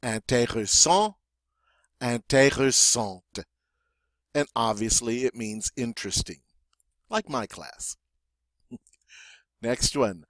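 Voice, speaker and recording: A man teaching French vocabulary. He says each word slowly twice, then explains it in English with dry little jokes. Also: mid-range voice, fairly bright tone, dry recording. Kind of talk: classroom vocabulary lesson.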